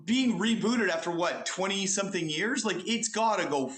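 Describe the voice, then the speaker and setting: A man speaking a little high, with a sharp, bright voice. He rambles and gives blunt, jokey opinions as a panel guest. His voice echoes in a roomy space. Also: normal speed. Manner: blunt, rambling, many "like" fillers. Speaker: panel guest, media personality. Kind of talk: casual opinionated chat. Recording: roomy echo.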